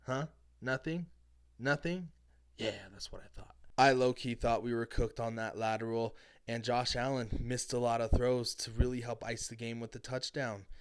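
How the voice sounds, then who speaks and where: A man's voice: medium pitch, clear, resonant tone. A man ranting about a football game, brash and mocking, with profane trash talk at his critics. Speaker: sports commentator. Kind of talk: heated sports reaction rant.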